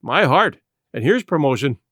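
A man's voice: a little high, very animated, normal speed, a bit bright, dry recording, studio quality. Man reading as a stern, curt sea captain. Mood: scornful. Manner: clipped barked orders. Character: stern male ship's captain, curt and commanding.

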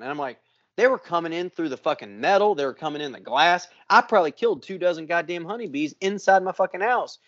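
A man co-hosting a podcast, telling a long story in a casual, profane, animated way. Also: on the high side, lo-fi sound. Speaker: podcast co-host.

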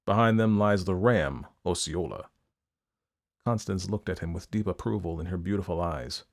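Guy narrating an audiobook in first person, low voice, measured.

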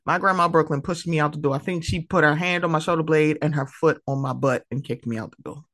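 A woman hosting her own podcast in a casual, animated, emotional way, laughing often. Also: deep voice, quick pace, no echo, clean studio sound. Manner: animated, laughing, emotional, mimics friends' voices. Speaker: podcast host. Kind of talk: casual solo podcast talk.

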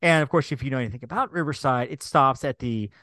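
Fast-talking animated man telling a story. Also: medium pitch, dry recording, studio quality. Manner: animated storyteller, acts out quoted exchanges. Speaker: podcast co-host. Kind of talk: casual chat, storytelling.

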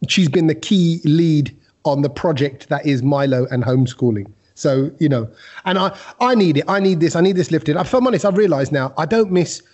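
A man hosting a casual podcast chat, telling animated stories and putting on voices. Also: fairly high pitch, moderate pace. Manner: animated storyteller, puts on voices in anecdotes. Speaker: podcast host.

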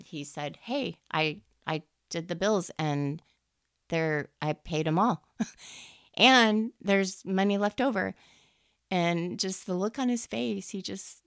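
A woman host and teacher chatting casually about faith, animated and leaping up in pitch whenever she quotes someone. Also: no echo, studio quality. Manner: animated, jumps high when quoting people.

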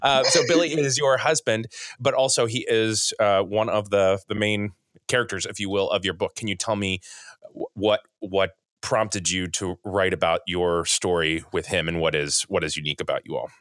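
A man hosting a podcast interview, chatty and self-deprecating, asking questions in a relaxed conversational way. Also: sits low, normal speed, dry recording, clean studio sound. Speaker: podcast host.

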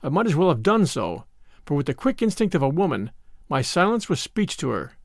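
A man narrating an audiobook in a dramatic, expressive first-person storytelling style. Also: a little high, a little fast, dry recording, studio quality. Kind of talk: scripted narration.

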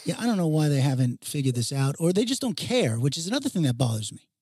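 A man's voice: on the high side, big pitch swings, fast, warm tone, slightly rough, dry recording, studio quality. A man co-hosting a casual chat, opinionated and emphatic, firing off rhetorical questions. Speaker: podcast co-host.

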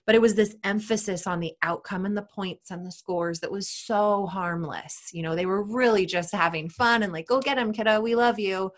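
A woman in her thirties talks in an animated, conversational way as an interview guest. She jumps into higher, bouncier tones when she mimics a parent cheering a child on. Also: moderate pace, few pauses. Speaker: guest, sports psychology expert.

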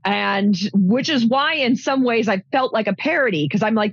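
Raspy woman, blunt film chat, dull sound. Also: a little high, animated, normal speed, no room sound. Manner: blunt, profane, laughing. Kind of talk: casual chat reviewing a film.

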